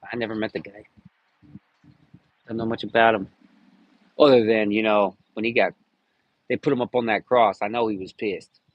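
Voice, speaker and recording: A man's voice: lowish voice, steady tone, normal speed, pauses often, no room sound, muffled recording. A man chatting casually on a live stream, rambling and joking with lots of cursing. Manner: crude, rambling, jokey with frequent cursing.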